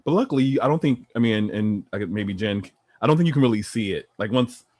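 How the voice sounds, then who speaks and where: A man on a podcast, talking in a relaxed, reflective way with a few restarts. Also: mid-range voice, fast talker, dry recording. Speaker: podcast co-host. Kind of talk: casual chat.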